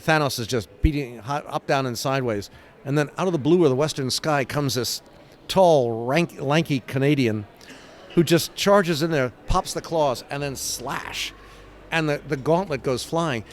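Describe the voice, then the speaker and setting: An older man from England, a comic book writer being interviewed, telling stories with lively sound effects and acted-out quotes. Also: on the high side, normal speed, slight background noise. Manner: animated, acts out scenes with sound effects and quoted voices. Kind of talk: casual interview storytelling.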